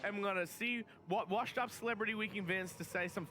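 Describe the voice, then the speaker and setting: A man's voice: sits high, fast, sharp tone. A young man hosting a stream, joking crudely and brashly with friends, with music playing behind him. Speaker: streamer host. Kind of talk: crude comedic stream chat.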